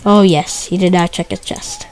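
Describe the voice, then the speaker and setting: A woman giving excitable, stuttery gameplay commentary, repeating her exclamations and swapping curses for mild words. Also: lowish voice, moderate pace, a faint crowd. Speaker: gamer.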